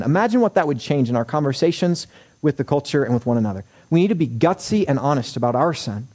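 A man preaching a sermon as pastor, animated, acting out quoted voices with wry humor. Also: fairly high pitch, fast talker.

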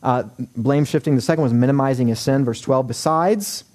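A man preaching a sermon as pastor, animated, acting out quoted voices with wry humor. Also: mid-range voice, fast talker.

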